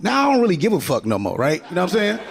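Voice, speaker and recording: A man in his forties doing stand-up in a loud, rowdy, freely swearing manner. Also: sits high, huge pitch swings, rapid-fire, creaky, breathy edge. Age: 40s. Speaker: stand-up comedian. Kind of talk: stand-up routine.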